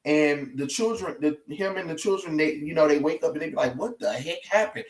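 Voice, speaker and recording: A man in casual pop culture chat, animated and rambling as a podcast co-host. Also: fairly high pitch, a little fast, distant mic. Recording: echoey room, off-mic.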